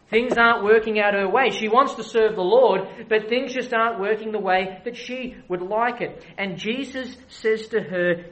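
High-voiced man preaching with rising intensity. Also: normal speed, few pauses, poor audio. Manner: dynamic, swings from soft asides to loud emphatic repetition; builds with repeated phrases. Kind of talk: sermon.

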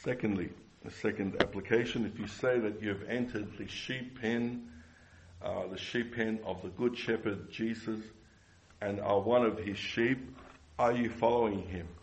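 A man's voice: on the low side, steady tone, measured pace, low-quality recording. A man preaching a sermon earnestly, repeating phrases and asking the congregation rhetorical questions.

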